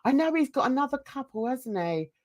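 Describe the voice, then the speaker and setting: A woman's voice: high voice, very animated, a little fast. A woman hosting casual reaction commentary, chatty and gossipy, laughing often. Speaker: commentary channel host.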